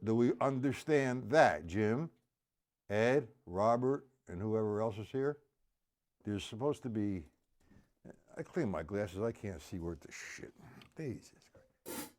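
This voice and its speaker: A man teaching drums on a live stream, counting the beats out loud and making gruff, cussing asides to his viewers. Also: fairly low pitch, animated, slow pace, pauses often, slight background noise. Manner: counts beats aloud loudly, gruff asides and mild swearing. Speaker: drum teacher. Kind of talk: live-streamed drum lesson.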